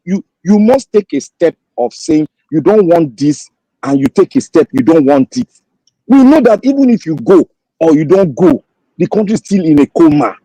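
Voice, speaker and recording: A Nigerian man in a heated political debate, forceful and interrupting, slipping into pidgin. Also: on the high side, no room sound, low-quality recording.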